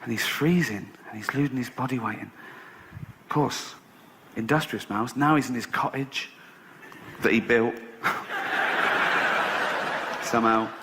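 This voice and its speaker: A man spins a mock-innocent stand-up tale at an ordinary, middling pitch. His delivery is sardonic and laced with casual swearing. A faint hiss sits under the voice. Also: slow pace, pauses often. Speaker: stand-up comedian. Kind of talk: stand-up storytelling.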